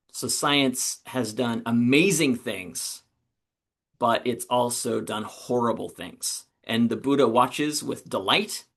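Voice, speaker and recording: A man's voice: mid-range voice, a bit bright. A man teaching a philosophy lesson, reading a text aloud and explaining it in a conversational way, sometimes correcting himself. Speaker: philosophy instructor. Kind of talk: recorded lecture reading.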